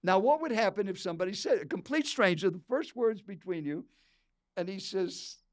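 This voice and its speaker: A man's voice: high-pitched, normal speed. A man in his eighties, a professional speaker, telling a story in an interview and talking straight to the listener. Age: 80s. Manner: animated storyteller who talks straight to the listener. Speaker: professional speaker and speech coach.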